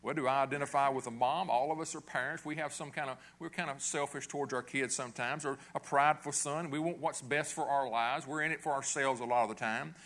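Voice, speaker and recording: A man's voice: medium pitch, fairly even intonation, quick pace, hardly any pauses, fairly bright tone. A middle-aged pastor preaching a sermon in a conversational way, asking his listeners questions and checking in with "okay?".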